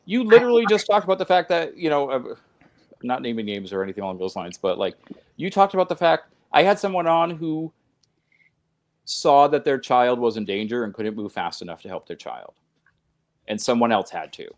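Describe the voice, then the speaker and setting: A man's voice: medium pitch, normal speed. A man speaking as a podcast guest, earnest and emphatic, talking in long run-on sentences with restarts. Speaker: podcast guest, host of his own show. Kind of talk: conversational podcast talk.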